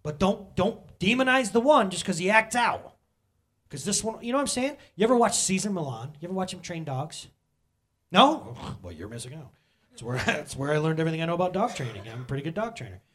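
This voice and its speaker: A man's voice: high voice, very animated, brisk, a bit bright. A middle-aged man preaching a casual, conversational sermon, joking and talking straight to the congregation. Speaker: pastor.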